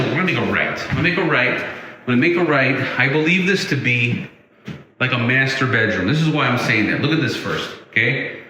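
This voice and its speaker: Man, excited house tour, bright forceful voice, very echoey empty rooms. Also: mid-range voice, slight background noise. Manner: enthusiastic, chatty, keeps saying okay. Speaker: realtor giving a home tour. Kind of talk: walkthrough tour narration. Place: inside a large empty house, then outdoors on a deck.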